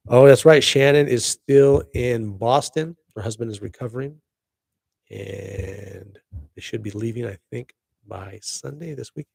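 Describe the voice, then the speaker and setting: A man's voice: mid-range voice, measured pace, vocal fry, darkish tone, slightly rough, dry recording. A middle-aged man hosting a casual live podcast stream, rambling upbeat to his viewers. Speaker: podcast host.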